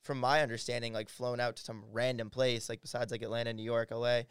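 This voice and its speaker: A young man rattles through a story at a rapid clip, cursing freely and slipping into the voices of the people he quotes. His voice comes across smooth and clean. The recording is dry and close, with no room sound. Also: mid-range voice, dry recording. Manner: animated, swears freely, acts out quoted people. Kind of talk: casual storytelling chat.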